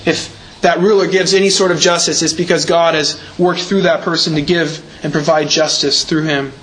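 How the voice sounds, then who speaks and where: A man's voice: on the high side, steady tone, moderate pace, fairly bright tone, poor audio. A man preaching a sermon in a church, explaining scripture carefully and leaning hard on repeated words for emphasis. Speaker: pastor.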